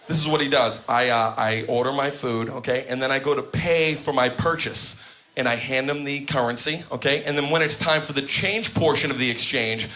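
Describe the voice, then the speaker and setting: Guy doing stand-up, kinda high voice, acting all outraged, noisy recording. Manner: animated, mock-outraged storytelling with acted-out quotes. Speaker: comedian. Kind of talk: stand-up comedy routine.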